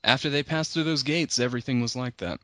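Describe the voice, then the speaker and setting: A man hosting a podcast, casually retelling a book's story and acting out the characters' lines with a raised pitch. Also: fast, bright, forceful tone, no echo. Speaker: podcast host.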